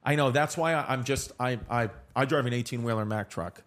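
A wisecracking man in his thirties hosts a loose comedy podcast chat. He talks in an even middle register, jumps in over his guest and piles up exaggerations, swearing as he goes. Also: mid-range voice, brisk. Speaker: podcast host.

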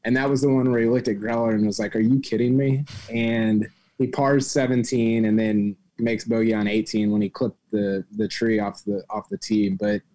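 A man co-hosting a casual golf chat, talking in an excitable, rambling way. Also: fairly low pitch, moderate pace. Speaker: co-host.

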